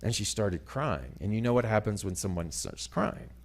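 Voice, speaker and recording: Man, middle-aged, spiritual speaker, lively dramatic storytelling, swings from loud to hushed. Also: on the low side, normal speed. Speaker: guest speaker. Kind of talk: storytelling sermon.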